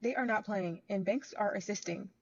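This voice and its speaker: A woman's voice: mid-range voice, moderate pace. A woman who works in banking, telling a story to camera in a chatty way that repeats points for emphasis. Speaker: bank worker. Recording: dull lo-fi audio.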